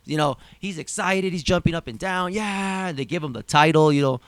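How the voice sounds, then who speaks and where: Animated man recapping with mock drama. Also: fairly high pitch, normal speed, no room sound. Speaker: podcast host. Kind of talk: casual podcast chat.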